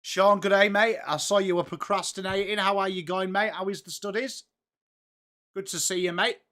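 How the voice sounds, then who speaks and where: With a high, steady, somewhat bright voice at normal speed, an English livestreamer hosts a live football watchalong. He talks casually and upbeat, calling out viewers by name.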